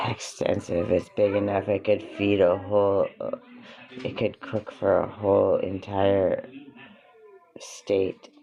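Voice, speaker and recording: A man's voice: low voice, flat delivery, slow, vocal fry, pauses often. A man giving an earnest, emotional spiritual reflection at home, repeating phrases for emphasis. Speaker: parent and vlogger. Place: home with children nearby. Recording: dull lo-fi recording.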